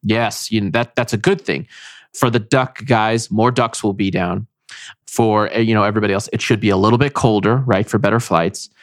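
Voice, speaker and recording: A man's voice: lowish voice, fairly even intonation, normal speed, dry recording, studio quality. A man hosting a podcast, chatting casually and enthusiastically. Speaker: podcast host. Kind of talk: casual chat.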